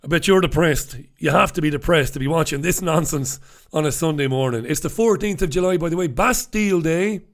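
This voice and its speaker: A man's voice: on the high side, fast. A middle-aged man hosting a casual live stream from a home studio, chatty and self-mocking. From Ireland. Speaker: host.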